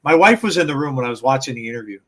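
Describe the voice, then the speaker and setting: A man's voice: mid-range voice, lively intonation, very fast, fairly bright tone, a little hiss or hum. A man co-hosting a wrestling podcast, telling rambling anecdotes in casual chat, with lots of fillers and restarts and laughter at his own stories. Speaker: podcast co-host.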